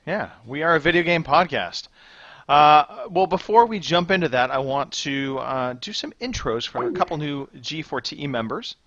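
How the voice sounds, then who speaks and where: Easygoing male podcast host, bright tone. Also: on the high side, expressive, normal speed, no echo, highs cut off. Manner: easygoing, reads out member intros. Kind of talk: casual podcast chat.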